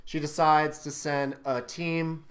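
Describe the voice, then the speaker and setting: A man's voice: a little high, little pitch movement, slow pace. A young man hosting a casual film review chat, ranting with exasperated anger and plenty of swearing. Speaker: channel host reviewing a film.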